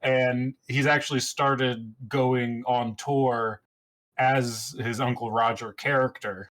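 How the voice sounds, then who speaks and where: A man's voice: medium pitch, fairly even intonation, slow pace, fairly bright tone. A man co-hosting a casual podcast chat, explaining at length in a matter-of-fact way. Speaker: podcast co-host.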